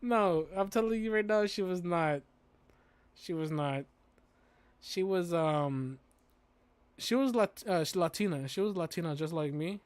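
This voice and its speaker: A man's voice: high voice, measured pace, long pauses, no room sound. A man streaming a game, chatting casually and telling stories in slangy speech. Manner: slangy, storytelling, says "bro" and "dude". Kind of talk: casual chat while playing a game.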